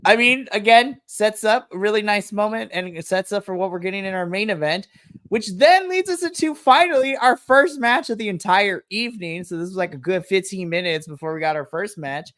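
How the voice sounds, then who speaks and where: A man with a fairly high voice gushes through a casual wrestling recap, full of excitement. The sound is dry and close. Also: brisk, no room sound. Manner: gushing, enthusiastic storyteller. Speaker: wrestling podcast co-host.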